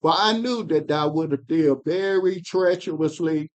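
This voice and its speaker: A man reading scripture aloud in a Bible class, slow and emphatic, pushing up on key words. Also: a little high, muffled recording.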